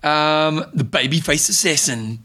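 A man's voice: on the high side, unhurried, pushed and bright. A man co-hosting a podcast, chatting casually and laughing often. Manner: laughs often, jokey banter. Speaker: podcast co-host. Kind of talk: casual chat.

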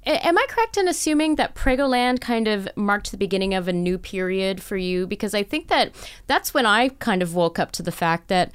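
A woman's voice: mid-range voice, expressive, a little fast, hardly any pauses, smooth. A woman hosting a casual interview, chatting, affirming her guest and asking her questions. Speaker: podcast host.

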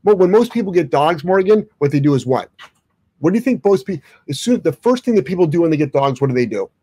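A man's voice: on the high side, very animated, fast talker, mellow, breathy edge, dry recording. A man who trains dogs for a living, answering viewer questions in a blunt, opinionated way, swearing now and then. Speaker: dog trainer.

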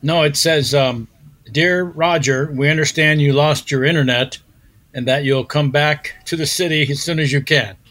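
Deadpan improv host guy, a bit high. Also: normal speed. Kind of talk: improv comedy podcast.

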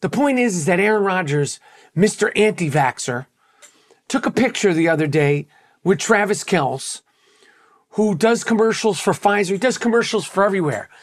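Podcast host, New York man, high voice, brash profane rant. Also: animated, normal speed. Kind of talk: ranting podcast monologue.

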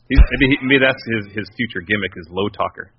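A man's voice: fairly low pitch, fast talker, a little hiss or hum. A man co-hosting a podcast in casual chat, who tends to mumble. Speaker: podcast co-host. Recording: slightly muffled lo-fi audio.

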